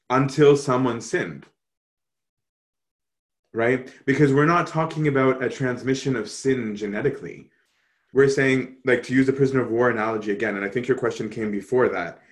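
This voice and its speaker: A man teaching a Bible study, answering questions in an animated way and often checking in with "right?". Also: medium pitch.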